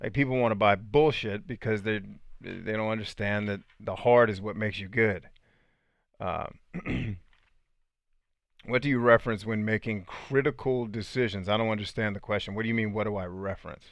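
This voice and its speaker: A man hosting a casual livestream, reading out viewer comments and answering them in a laid-back, slangy way, often clearing his throat. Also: on the low side, moderate pace, no room sound, muffled recording.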